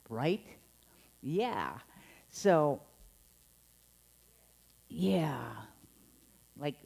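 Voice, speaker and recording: A woman minister preaches a Sunday sermon in a low, mellow voice. Her pitch swoops up and down with a lot of life. She talks in a playful, chatty way and acts out the tones she describes. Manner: animated and playful, acting out scolding tones with laughs. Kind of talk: Sunday sermon to a live and online congregation. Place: church service.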